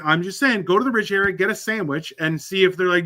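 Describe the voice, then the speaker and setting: A man from Canada co-hosting a casual show, teasing and trailing off into quiet asides. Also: sits high, fairly quick. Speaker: cooking show co-host. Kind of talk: casual banter.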